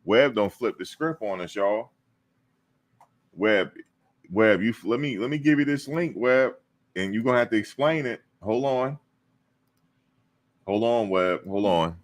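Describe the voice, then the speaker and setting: Male stream host with a deep voice, chatty and playful with his audience. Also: a little slow, long pauses. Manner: animated, teasing, talks to viewers and chat. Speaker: show host. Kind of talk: casual live-stream chat.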